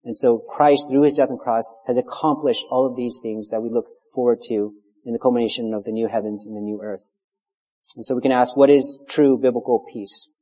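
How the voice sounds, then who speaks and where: A man preaching an expository sermon, measured and emphatic, stressing key words as he works through scripture. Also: medium pitch, steady tone, dark tone. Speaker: pastor. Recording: long hall reverb.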